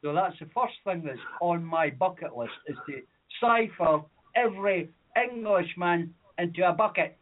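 A man's voice: high-pitched, animated, moderate pace, hardly any pauses. A man phoning in to a radio show, telling a rambling story with lots of fillers and chuckles. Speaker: caller. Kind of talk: casual call-in storytelling. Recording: tinny phone-like line.

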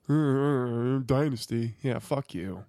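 A man's voice: mid-range voice, slow pace, mellow, no echo. A young man co-hosting a casual sports podcast, venting in a profane, heated rant. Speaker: podcast co-host.

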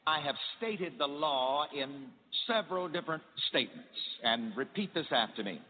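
A high-voiced man preaches with big swooping rises and falls, leading the congregation to echo him line by line. The sound is thin and phone-like, carried on a long hall reverb with a faint hiss underneath. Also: expressive, moderate pace. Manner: emphatic, repeats phrases for the congregation to echo. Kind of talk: sermon with call-and-response. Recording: tinny archival sermon recording in a reverberant hall.

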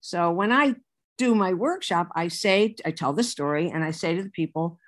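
Lively older woman telling a story. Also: lowish voice, moderate pace. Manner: lively raconteur, acts out quotes, laughs often. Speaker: author and writing teacher, guest. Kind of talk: storytelling interview chat.

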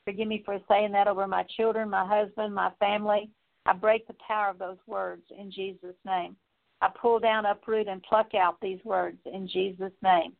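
Woman prayer leader, earnest confessional prayer, gravelly edge, flat delivery, phone-quality sound. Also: mid-range voice, moderate pace. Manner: earnest, repetitive confessional phrasing with fillers. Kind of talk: spoken prayer. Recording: tinny phone-like audio.

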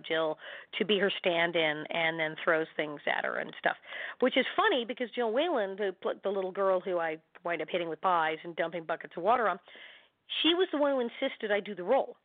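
A middle-aged actress, a woman, chatting as an interview guest and telling animated anecdotes, acting out quotes and laughing often. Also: fairly low pitch, no echo. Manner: animated, laughing storyteller who acts out quotes. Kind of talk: casual storytelling chat. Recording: tinny phone-line sound.

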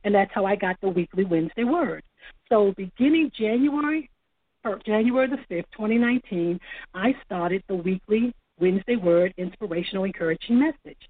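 A woman's voice: medium pitch, lively intonation, normal speed, no room sound. Woman testifying over a phone line. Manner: storytelling with quoted dialogue, fervent. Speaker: guest author.

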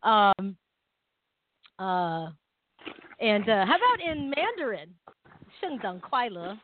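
A woman's voice: medium pitch, very animated, slow pace, a little hiss or hum. A woman from the Philippines co-hosting a casual talk radio show, giggling as she tries out holiday greetings. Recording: tinny phone-line sound.

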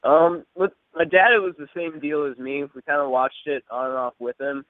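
A man's voice: a little high, fairly even intonation, moderate pace, dry recording. A young man, a guest on a casual radio interview, easygoing and hesitant, with lots of ums. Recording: tinny phone-line audio.

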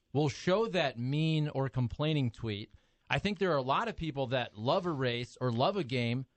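A man's voice: fairly high pitch, no echo. Earnest male radio host, dry studio sound. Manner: earnest, agreeable, explaining. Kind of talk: casual radio chat.

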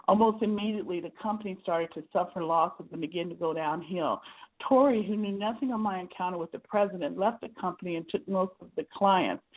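A woman author reading aloud from her own memoir in an earnest, measured storytelling manner, with a husky voice. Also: lowish voice. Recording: tinny phone-like sound.

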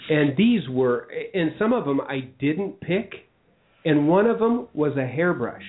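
A man's voice: a little high, big pitch swings, measured pace. A man hosting a radio show in casual studio chat, telling stories animatedly and quizzing his guests. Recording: thin phone-like sound.

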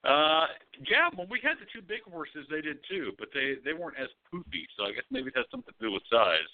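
A man co-hosting a podcast, telling stories in a loose, profane, animated way. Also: a little high, quick pace. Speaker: podcast co-host. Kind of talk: casual chat. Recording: tinny phone-like audio.

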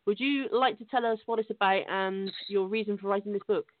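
A woman's voice: mid-range voice, a little fast, no echo. British woman hosting over a phone line. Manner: polite, relays questions, laughs often. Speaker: radio host. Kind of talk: talk radio interview.

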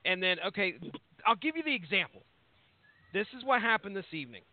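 A man's voice: sits high, sing-song, brisk, no echo. A man in his thirties chatting casually as a co-host, rambling and swearing freely. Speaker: podcast co-host. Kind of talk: casual profane chat. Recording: tinny phone-like line, dry.

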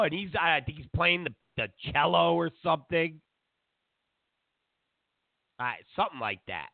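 A man's voice: high voice, expressive, moderate pace, vocal fry, no echo. A man hosting a talk show, delivering a sarcastic, digressive, opinionated rant. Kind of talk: opinionated monologue. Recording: dry, phone-like narrow sound.

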